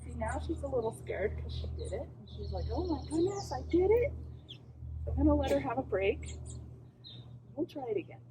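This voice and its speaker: A woman trainer talks through a dog session outdoors, her voice bouncing from a calm explaining tone to high, gushing praise for the dog. Her pitch sits on the higher side and leaps around a lot. Clear outdoor noise and birdsong are audible beneath her. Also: fairly quick. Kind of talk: on-site training demonstration.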